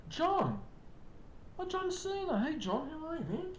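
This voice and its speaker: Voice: big pitch swings, measured pace. An older streamer, chatting casually with live viewers and greeting them by name. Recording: echoey room, faint rumble.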